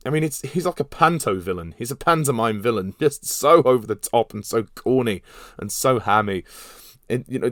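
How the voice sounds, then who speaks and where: A man's voice: mid-range voice, no echo. A young man hosts a podcast and rants through a film review, exasperated and sweary. His voice sits in a middling register, and the recording is dry and close with no room sound. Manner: exasperated, sweary, animated rant with bursts of laughter.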